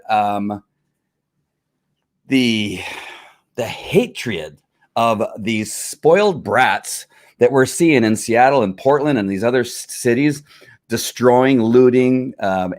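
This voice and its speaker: A man hosting livestream commentary, speaking at an ordinary pitch for a man. He talks earnestly but haltingly, breaking off and restarting his sentences as he goes. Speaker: host and police officer.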